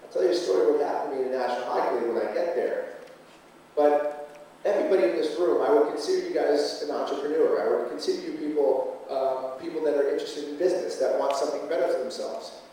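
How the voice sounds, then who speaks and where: A man in his forties gives a punchy motivational speech to a conference crowd, asking them questions as he goes. His voice is mellow and a little high. He is recorded from far back in a big, echoey hall. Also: fast, a little hiss or hum. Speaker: motivational speaker. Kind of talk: motivational speech to a live audience. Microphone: room recording from far off.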